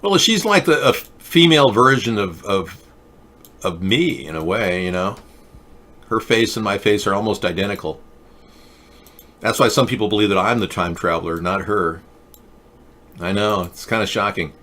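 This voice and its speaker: Male talk show host, middle-aged, deadpan and rambling, lowish voice, forceful delivery. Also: normal speed, pauses often. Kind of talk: satirical rambling monologue.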